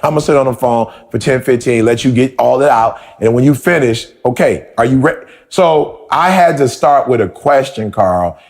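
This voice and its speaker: Gravelly-voiced man, animated storyteller. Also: mid-range voice, normal speed, hardly any pauses. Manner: animated storytelling with emphatic repeated questions. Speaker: podcast host. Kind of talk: motivational conversation.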